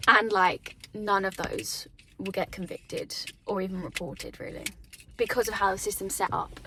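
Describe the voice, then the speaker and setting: A woman speaks straight to her phone camera in a confessional vlog, her voice sitting at an ordinary middle pitch. She pours out feelings with lots of fillers and nervous laughs, and a faint hiss sits under the recording. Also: fairly even intonation, normal speed. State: tearful at times. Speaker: vlogger. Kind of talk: candid personal vlog to camera.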